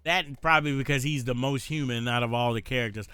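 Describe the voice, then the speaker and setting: A man with a rural American country accent, chatting casually to his viewers while streaming a game, rambling with frequent pauses. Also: mid-range voice, steady tone, sharp tone, clean tone, no echo, soft background music. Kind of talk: casual gameplay stream commentary.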